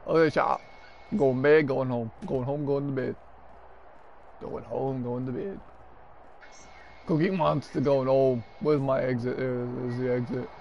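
A man streaming a wrestling game, chatting casually, cursing and yelling at the action. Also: mid-range voice, a little slow, lo-fi sound, slight background noise. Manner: excitable, profane, yells and laughs at the game. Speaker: gaming streamer. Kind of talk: casual gameplay chat.

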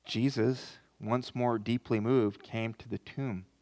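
A man's voice: mid-range voice, steady tone, takes it slowly, darkish tone. A man preaching as pastor, reading scripture aloud and then building to an impassioned close. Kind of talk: sermon. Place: church sanctuary. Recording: reverberant church hall.

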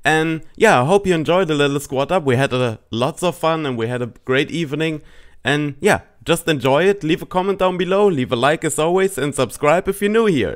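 A man hosting a gaming channel, chatting casually while playing with a friend, excitable and quick to shout and laugh. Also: fairly high pitch. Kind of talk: casual gameplay commentary with a squadmate.

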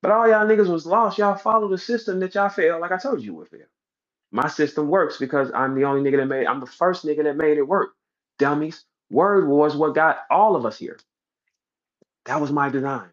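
On an unscripted livestream, a man who runs a battle rap league rants in a boastful, brash, heated way, swearing freely. He talks fairly quickly, and his voice leaps high when he acts out scenes. The audio is slightly dull and lo-fi.

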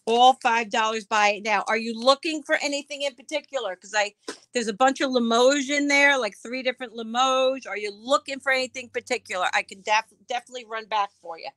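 A woman's voice: a little high, a little fast, fairly bright tone, no room sound. A woman selling items on a live stream auction, chatting casually, describing each piece as she handles it and answering viewers by name.

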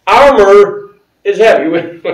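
High-voiced pastor preaching in an echoey church. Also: male voice, expressive, extremely slow. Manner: conversational, laughs often, asks the congregation questions. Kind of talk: sermon. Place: church sanctuary with congregation. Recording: roomy church sound, mic at a distance.

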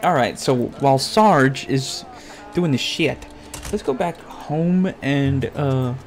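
This gaming YouTuber talks slowly but with lively intonation, his voice at medium pitch and faint music playing behind him. His Let's Play commentary is crude and profane, full of constant swearing and rants aimed at his character.

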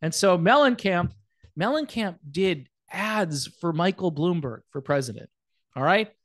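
A man's voice: high voice, animated, measured pace, fairly bright tone, no echo. A man hosting a casual commentary show, talking in a sarcastic, mocking way. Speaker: host.

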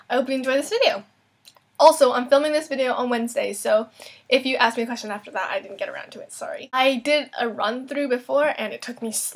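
Chatty young woman book vlogger. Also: on the high side. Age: young adult. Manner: chatty, quick, with frequent "like" and "um" fillers. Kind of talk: casual Q&A vlog. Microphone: camera mic.

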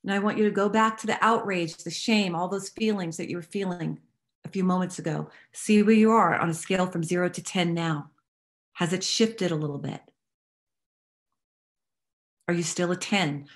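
A woman leading a guided tapping exercise, giving calm step-by-step instructions and affirmations to repeat. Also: fairly low pitch. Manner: calm instructive guiding, repeat-after-me phrasing; affirming, uplifting delivery. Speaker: recovery workshop facilitator.

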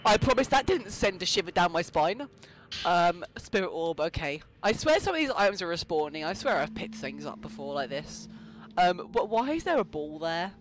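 A man's voice: high-pitched, big pitch swings, moderate pace, a bit bright, slight background noise. A young man giving rambling, jokey commentary while playing a game and talking back to its ghosts. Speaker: let's play gamer. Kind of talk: casual gameplay commentary.

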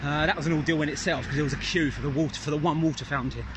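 A man's voice: a little high, steady tone, rapid-fire. A man, vlogging on a phone as he runs city streets in the heat, tired and chatty, poking fun at himself. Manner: breathless, chatty, self-deprecating while running. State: tired, dehydrated. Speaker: vlogger filming himself on a long run. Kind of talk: casual on-the-go vlog. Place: outdoors on city streets in hot sun. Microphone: phone held while running. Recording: phone recording with street noise.

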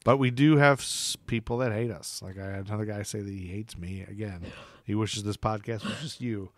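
A man's voice: lowish voice, brisk, no room sound, studio quality. A man co-hosting a casual podcast, rambling and joking with lots of fillers. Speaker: podcast co-host. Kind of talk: casual chat.

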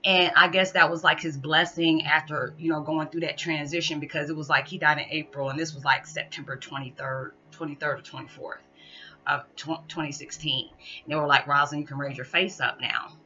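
A woman's voice: low voice, flat delivery, fairly quick, bright, forceful tone, lo-fi sound, soft background music. A woman vlogger telling a spiritual story in a chatty, rambling way, often restarting and laughing. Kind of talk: casual storytelling monologue.

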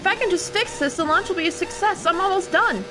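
Lady reading a shy quiet engineer woman, game character, soft and high. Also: fast, music in the background, low-quality recording. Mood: meek. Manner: soft-spoken and timid. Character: meek, apologetic woman engineer.

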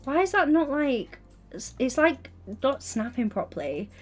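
A woman's voice: on the high side, very animated, measured pace, darkish tone. A young woman streaming, chatting casually and teasingly while building in a game. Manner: teasing, giggly, playful.

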